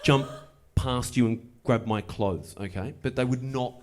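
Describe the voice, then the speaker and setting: A man doing stand-up, telling a story with wry, deadpan delivery and playful asides. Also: medium pitch, a little slow. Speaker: stand-up comedian. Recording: live show with audible noise. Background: audience laughter.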